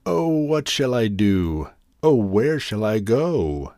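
A carefree grasshopper, voiced by a man reading a storybook, coaxing in a raised, singsong voice. He drawls slowly, his pitch swinging widely. The sound is close and dry. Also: huge pitch swings, darkish tone, no room sound. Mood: woeful. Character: carefree male grasshopper, playful and lazy.

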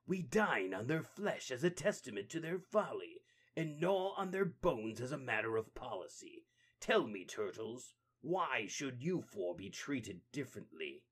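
A man voicing a menacing mutant rat king who talks slowly and quietly in a husky voice. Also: mid-range voice, big pitch swings, pitched above the performer's own voice. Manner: slow, hushed, ominous.

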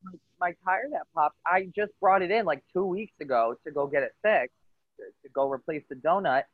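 A man telling a story in casual chat, halting and repeating words. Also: fairly high pitch, no room sound. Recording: tinny phone-like line.

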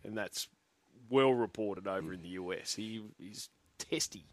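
Brisk Australian sports radio host. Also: male voice, on the low side, no room sound. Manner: brisk, reads listener texts aloud.

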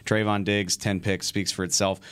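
A man co-hosting a sports talk show, opinionated and quick, running through players one by one. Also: on the low side, flat delivery, fairly bright tone, smooth.

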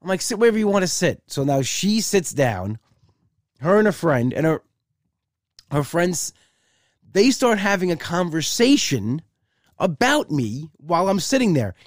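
A man's voice: on the high side, very animated, a little slow, long pauses, dry recording, studio quality. A male comedian telling a story casually and chattily, acting out both sides with repeated "I said".

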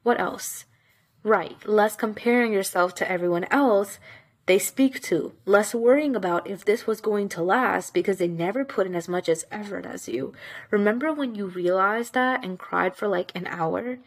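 A woman's voice: mid-range voice, moderate pace. A woman hosting an advice talk, speaking directly and emphatically, repeating points for stress. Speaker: podcast host giving advice. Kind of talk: casual motivational talk.

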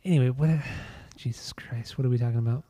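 A man's voice: medium pitch, fairly even intonation, fast, warm tone, no room sound. A man co-hosting a casual music podcast, talking loosely, swearing and trailing off mid-thought. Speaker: podcast co-host. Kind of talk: casual chat about music.

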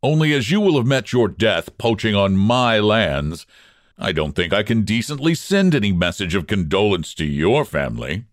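A man's voice: lowish voice, sing-song, normal speed, no echo, clean studio sound. A man reading a story and voicing a proud landowner who answers his enemy with fierce, bitter retorts.

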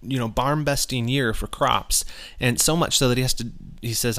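A man's voice: mid-range voice, normal speed, fairly bright tone. An earnest man talks through a Bible passage in a casual, conversational way. His voice sits in an ordinary middle register, and he often restarts a phrase before landing a point with sudden emphasis. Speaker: podcast host.

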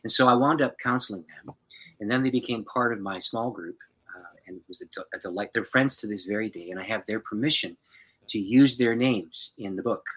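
A man's voice: fairly low pitch, a little fast, breathy edge, poor audio. A man, a pastor and author, tells a personal story as a podcast guest, breaking into laughter as he goes. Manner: lively, laughs through his story.

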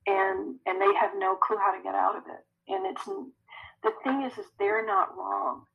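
A woman who works as an energy healer, answering podcast interview questions in a chatty, animated way. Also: medium pitch, measured pace, vocal fry, husky, phone-quality sound. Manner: animated, conversational, laughs often.

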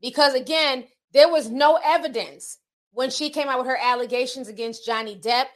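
Opinionated woman vlogger with a higher voice and a blunt, slangy manner. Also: moderate pace. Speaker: commentary channel host. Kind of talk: opinionated video commentary.

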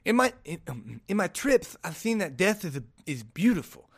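Lisping ex-boxer in his 50s, slow and halting , a man doing the impression. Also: high-pitched, big pitch swings, fairly bright tone, husky, heavily acted. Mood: reflective. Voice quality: lisp.

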